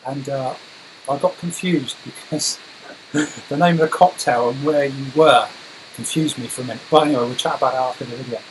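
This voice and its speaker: A man's voice: medium pitch, brisk, a little hiss or hum, low-quality recording. A British man hosting a casual online show, chatty and full of fillers. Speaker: host. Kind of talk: casual chat.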